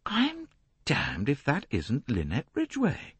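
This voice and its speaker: A man's voice: mid-range voice, huge pitch swings, slow pace, husky, no room sound, pitched above the performer's own voice, exaggerated voice. A man reading aloud and voicing a casual, disparaging young man with an offhand delivery. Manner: offhand, drawling.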